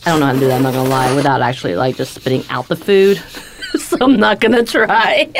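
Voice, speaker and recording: An American woman, a guest, talking casually over a meal. Her voice is very low with a gravelly fry, and she comes across as playful and excitable. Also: fast talker, noisy background. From United States. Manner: playful, excitable, laughs often. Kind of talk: casual chat over food.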